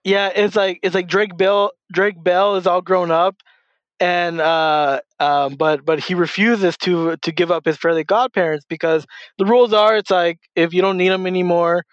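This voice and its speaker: Guy on a lo-fi mic, kinda high voice, rambles and restarts a lot, casual chat. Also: fairly even intonation, normal speed, clean tone, dry recording. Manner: rambling, many restarts and fillers. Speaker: podcast co-host.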